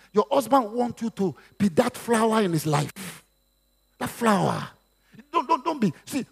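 A man's voice: sits high, creaky, husky. A man with a Nigerian accent preaching a sermon, slipping into Yoruba and acting out quotes. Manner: lively preaching with Yoruba asides and acted quotes. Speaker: pastor.

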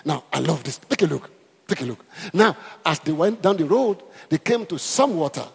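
A man's voice: a little high, expressive, moderate pace, gravelly, breathy edge, in a large hall. A man preaching a sermon, emphatic and repetitive, calling out to the congregation. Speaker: pastor.

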